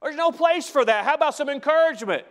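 Male preacher, high-pitched, sermon delivery, repeats lines for emphasis, soft-to-loud swings. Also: lively intonation, fast talker. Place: church sanctuary.

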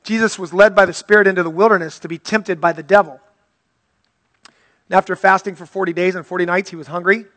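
A man's voice: high-pitched, steady tone, fairly quick, fairly bright tone, dry recording. A male pastor preaching an earnest, conversational sermon and reading scripture aloud.

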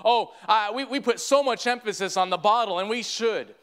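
A man's voice: high voice, normal speed, a bit bright, smooth. A man, preaching a sermon earnestly and often restarting his sentences. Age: 30s.

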